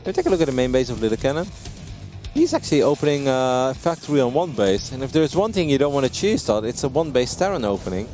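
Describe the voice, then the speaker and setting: A man doing live esports commentary, excitable and quick to laugh, his pitch leaping up when something surprises him. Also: faint music behind. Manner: excitable, laughs often, jumps high in pitch. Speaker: esports caster.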